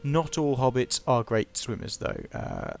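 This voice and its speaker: Gravelly man narrating gameplay. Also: medium pitch, wildly swooping pitch, a little slow, soft background music. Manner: chatty, playful, self-mocking. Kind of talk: casual gameplay commentary.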